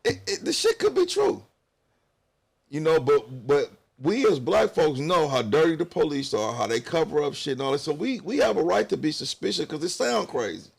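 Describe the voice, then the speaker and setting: Brief: male talk show guest, conversational and wry, gravelly. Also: on the high side, big pitch swings, normal speed. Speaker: studio guest. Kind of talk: casual opinion talk show.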